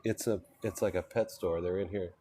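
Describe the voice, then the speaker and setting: A man live-streams while walking through a small shop and out onto the street, chatting casually with viewers, talking to animals he meets, and laughing often. His voice is low-pitched, steady and warm at a normal speed, with slight background noise.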